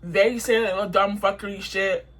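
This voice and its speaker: A young woman tells a storytime vlog in a bright, sharp voice. She vents heatedly, swearing and repeating her points for emphasis. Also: medium pitch, fairly even intonation, moderate pace. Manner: heated, profane, repetitive venting.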